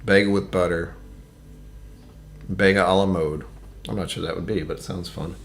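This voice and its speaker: A man's voice: low voice, steady tone, normal speed, vocal fry. A man hosting a casual whiskey-tasting live stream, rambling and joking as he reads chat aloud.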